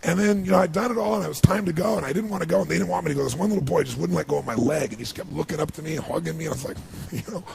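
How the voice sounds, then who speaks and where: A middle-aged man giving a motivational speech, telling a personal story in an animated, emotional way. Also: a little high, rapid-fire, gravelly, hardly any pauses. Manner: animated, emotional storytelling with rising bursts of intensity. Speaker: motivational speaker.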